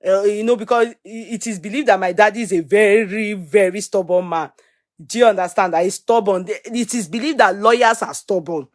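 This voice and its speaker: A middle-aged Nigerian woman hosting a live stream, reading out viewer comments and shout-outs. She talks in an animated way at a medium pitch and drifts easily into Pidgin and Yoruba. The sound is dry and close, with little room tone. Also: brisk, dry recording. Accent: Nigerian, Yoruba-influenced English. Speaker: livestream host.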